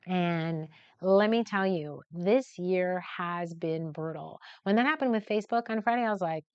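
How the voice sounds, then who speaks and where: Casual lo-fi livestream with a middle-aged woman who is earnest and candid, dry sound, lowish pitch. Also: normal speed, darkish tone, clear, resonant tone, no room sound. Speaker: photographer hosting a livestream. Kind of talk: motivational livestream talk. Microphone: camera mic at close range. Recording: dull, lo-fi and dry.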